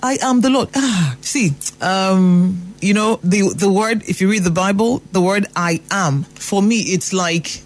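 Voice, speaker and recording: A man's voice: high voice, slow pace, few pauses. A Nigerian man giving an emphatic motivational talk, repeating phrases for emphasis. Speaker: motivational speaker.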